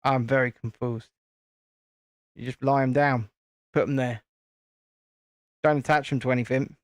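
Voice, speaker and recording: A man's voice: mid-range voice, steady tone, unhurried, dry recording, studio quality. A British man hosting a live stream, chatting casually and playfully with viewers while building a toy set, often stopping and restarting his sentences.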